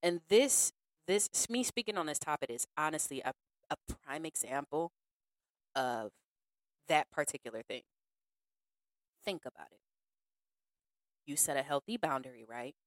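A woman's voice: sits low, normal speed, long pauses, no room sound, clean studio sound. Frank, slangy woman podcaster. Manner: frank and slangy, animated, acts out other people. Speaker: podcast host. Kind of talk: casual podcast monologue.

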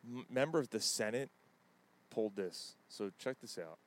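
A man's voice: mid-range voice, expressive, moderate pace, a little hiss or hum. A man hosting a casual sports podcast, chatting in a laid-back, profane way.

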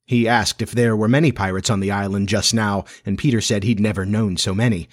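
A man reading a storybook aloud as narrator, with measured, even storytelling. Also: on the low side. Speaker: audiobook narrator.

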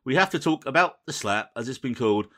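A man hosting a casual podcast, rattling off the rundown at a brisk clip. His voice is bright and forward, and he teases his co-host drily between items. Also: medium pitch, animated. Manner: quick, dry and teasing, running the episode rundown.

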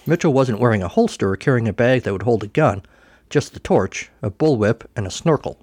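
A man narrating a comic story in a dry, deadpan manner, shifting his pitch for each character. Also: brisk, a little hiss or hum. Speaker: podcast host reading a story.

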